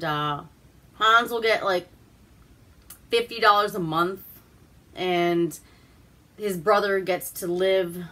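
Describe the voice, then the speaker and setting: Slow, bright-voiced woman host recapping. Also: on the low side. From Alaska. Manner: profane, rambling and laughing. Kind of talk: casual movie recap.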